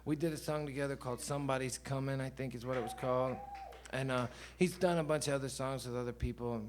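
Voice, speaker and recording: A man's voice: mid-range voice, fairly even intonation, fast, background noise. A man, telling a long rambling story between songs at a live show, loose and chatty with swearing. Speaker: singer-songwriter on stage. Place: live concert venue.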